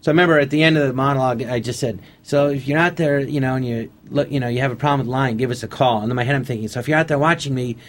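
A middle-aged man appears as an interview guest, telling show-business anecdotes in casual conversation at a very fast clip with hardly any pauses. His voice is medium-pitched, and he acts out the voices of the people he quotes.

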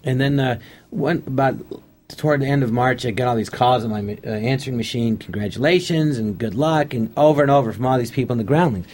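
A man's voice: medium pitch, fast, a little hiss or hum. Chatty man acting out old stories. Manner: animated anecdotes acting out quotes. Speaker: interview guest. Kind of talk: casual storytelling.

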